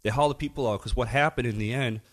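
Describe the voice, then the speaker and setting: A man's voice: mid-range voice, fast. A middle-aged man telling a long story in casual podcast chat, swearing freely and acting out what everyone said. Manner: profane, animated, acts out quoted dialogue. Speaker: podcast guest, DJ.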